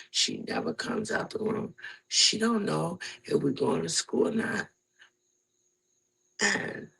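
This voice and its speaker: A woman's voice: low voice, gravelly, fairly bright tone, husky, poor audio. A middle-aged woman telling a personal story in casual chat, animatedly acting out the voices of the people she quotes. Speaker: guest telling her story.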